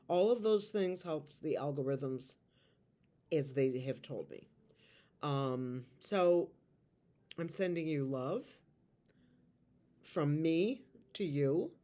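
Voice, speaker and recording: A woman tarot reader talking to her viewers in a soft, slow, heartfelt and emotional way. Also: low-pitched. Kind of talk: spiritual video talk to viewers.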